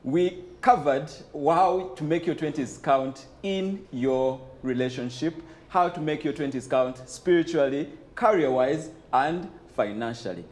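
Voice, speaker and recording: A man's voice: fairly high pitch, unhurried, hardly any pauses. Ugandan man hosting a youth talk show. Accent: Ugandan English. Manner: warm welcomes, short interjections and laughs. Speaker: host.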